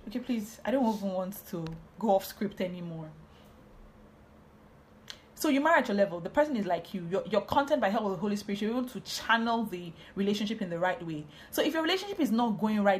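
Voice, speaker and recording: A woman, hosting a podcast and giving a casual, chatty Bible teaching on marriage, often drifting into asides. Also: medium pitch.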